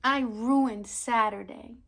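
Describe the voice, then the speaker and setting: A woman's voice: on the high side, takes it slowly, a little hiss or hum. A woman reading as a worn-out storybook mom. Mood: defeated. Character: weary, apologetic mother at her wits' end.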